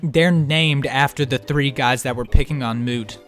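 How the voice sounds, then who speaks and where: A man at mid pitch talks casually while he plays a video game, cursing freely and laughing between thoughts. His talk is loose and unhurried. Faint game music plays beneath his voice. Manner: laid-back, swears freely, laughs often. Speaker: let's play co-host. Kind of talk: casual gameplay chat.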